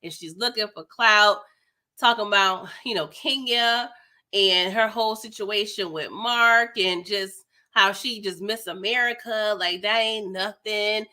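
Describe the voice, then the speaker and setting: A woman's voice: medium pitch, a little slow, sharp tone. A young woman giving a sassy, slangy, casual recap of a reality TV episode, full of "like" and "girl".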